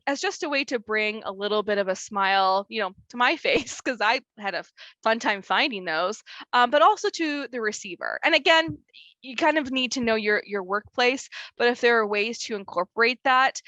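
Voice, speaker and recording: A woman's voice: on the high side, bright, forceful tone, no echo. A young woman presenting an online wellness workshop in a chatty way, with many fillers and easy laughter.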